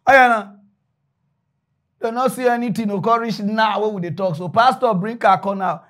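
A man with a Nigerian accent telling a comic story in Pidgin, jumping between loud bursts and hushed asides. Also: high voice, steady tone, moderate pace. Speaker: comedian storyteller.

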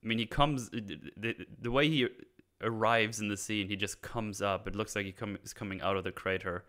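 A man's voice: lowish voice, fairly even intonation, brisk, fairly bright tone. A man hosting a casual film discussion podcast, talking in a hesitant way with many fillers and restarts. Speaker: podcast host.

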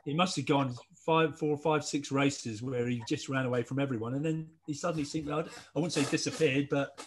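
A man's voice: mid-range voice, fairly even intonation, a little fast, background noise. A man hosting a podcast interview, chatting casually and offering short encouraging replies. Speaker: podcast host.

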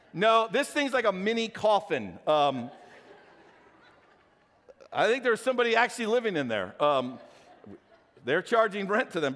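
A man's voice: high-pitched, in a large hall. A middle-aged man, a pastor, telling a joking personal story in his sermon and talking straight to the congregation. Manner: animated, jokey, talks straight to the congregation. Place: church sanctuary.

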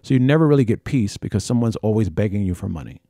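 A man hosting a podcast, telling a travel story in an animated way and acting out the dialogue. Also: lowish voice, fast, no echo, studio quality. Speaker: podcast host. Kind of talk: storytelling monologue.

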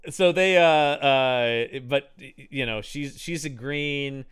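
A man co-hosting a podcast, chatting casually about an old movie, animated and laughing often as he slips into mock voices. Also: mid-range voice, slow, clean tone. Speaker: podcast co-host. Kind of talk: casual movie commentary chat.

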